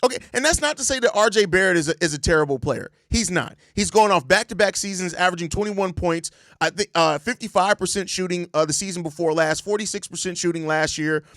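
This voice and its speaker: A man's voice: sits high, fast, hardly any pauses, fairly bright tone, no room sound, clean studio sound. A young man hosting a sports show, ranting in exasperated, profane casual commentary and repeating himself. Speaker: sports podcast host.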